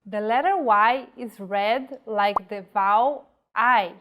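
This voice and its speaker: Slow, careful woman teacher. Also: mid-range voice, fairly bright tone, slight background noise. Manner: slow, careful, enunciating example words. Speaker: language teacher. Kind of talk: slow scripted pronunciation lesson.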